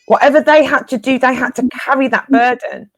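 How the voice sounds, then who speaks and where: A woman's voice: high voice, fairly even intonation, fairly quick, dry recording, soft background music. A woman co-hosting a casual spiritual live chat, encouraging her listeners and often repeating phrases for emphasis in informal, slangy speech.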